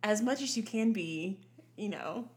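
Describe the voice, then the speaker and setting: A woman in her thirties from the Southern US, chatting casually with no Southern accent, animated and laughing a lot. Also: medium pitch, a little slow. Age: 30s. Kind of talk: casual chat.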